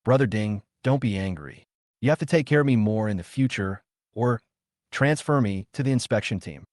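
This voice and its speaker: Sweet flattering young woman, coquettish, lively pitch, a man voicing her, dry close sound. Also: normal speed, no echo, lightly acted. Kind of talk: recap narration with quoted lines.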